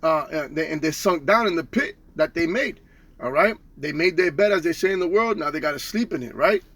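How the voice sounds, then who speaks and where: A man's voice: on the high side, lively intonation, a little fast, a bit bright. A man teaching from the Bible in a casual street style, tagging nearly every line with "okay?" and "all right?", slangy and profane.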